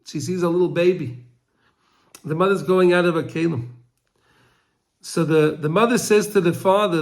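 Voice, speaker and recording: A man's voice: high voice, steady tone, normal speed, pauses often. A man teaching a Torah lesson through a story, talking emotionally and stumbling over repeated words, crying out the pleas of the people in the story.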